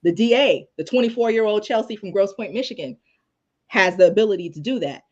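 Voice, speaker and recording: A woman criminal law attorney, a guest telling stories in a casual, animated way with many fillers. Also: mid-range voice, a little fast, highs cut off. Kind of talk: casual storytelling in a live discussion.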